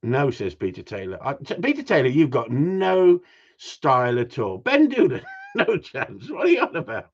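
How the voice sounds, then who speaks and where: A man chatting live to his viewers, joking and ribbing them with the odd swear word. His pitch swings up and down a lot as he talks. The sound is dull and lo-fi. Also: huge pitch swings, moderate pace, slightly rough. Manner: joking, teasing banter with mild swearing. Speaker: gundog trainer hosting a live stream. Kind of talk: casual live-stream chat reading viewer comments.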